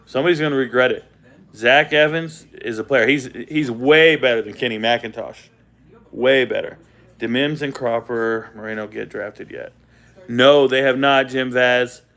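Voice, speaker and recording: A man hosting a casual live-stream reaction to the football draft from a hotel room without his usual setup, animated and repeating himself for emphasis. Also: mid-range voice, normal speed. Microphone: not his usual setup.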